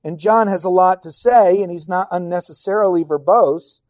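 A man teaching on a Bible passage in a measured, emphatic way, often repeating phrases for stress. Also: sits high, a little mellow, dry recording, clean studio sound.

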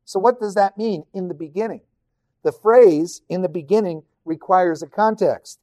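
A man gives a Bible teaching in a measured, emphatic voice, repeating key phrases to drive a point home. His tone is mellow and relaxed. The recording is dry and close, with no room sound. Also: high-pitched, dry recording.

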